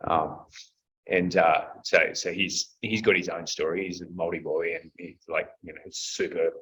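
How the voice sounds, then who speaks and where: Blunt low-voiced man. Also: fairly even intonation, moderate pace, fairly bright tone, breathy edge. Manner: candid, blunt, swears freely. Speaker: guest. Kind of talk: casual storytelling in conversation. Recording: dull lo-fi recording.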